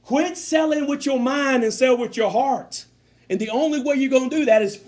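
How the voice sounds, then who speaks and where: Male sales coach, high-pitched, emphatic and fervent, live-room motivational training talk. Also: expressive, brisk. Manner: fervent, emphatic, swings between loud and soft.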